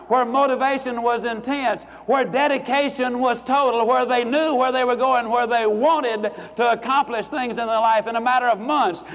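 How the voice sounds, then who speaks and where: A man giving a folksy, joking motivational speech to a live audience, slowing down for emphatic punchlines. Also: high-pitched. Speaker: motivational speaker. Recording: dull lo-fi recording, long hall reverb.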